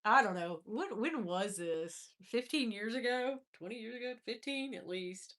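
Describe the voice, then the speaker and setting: A woman's voice: a little high, animated, a little slow, fairly bright tone. A middle-aged woman hosting a casual livestream, chatting and laughing as she scrolls through old photos, her nose stuffy after crying. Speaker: livestream host.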